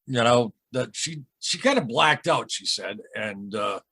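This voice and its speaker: A husky man from Michigan, USA, with a mid-range voice, sounds animated, pushed, and bright in a dry recording. As a guest in a casual interview, he emotionally recounts a UFO encounter, rambling and halting with many restarts and asides.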